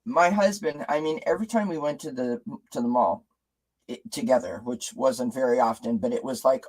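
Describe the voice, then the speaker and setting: A man's voice: medium pitch, normal speed, a little mellow, rough recording. Chatty man hosting a casual live stream. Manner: chatty, rhetorical questions, frequent restarts. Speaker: live-stream host reading viewer comments.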